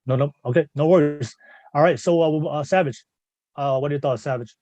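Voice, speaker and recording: A man hosting a panel discussion over a video call, halting and encouraging as he hands the floor to guests. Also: a little high, dark tone, dry recording. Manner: halting, encouraging, full of fillers. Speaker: podcast host.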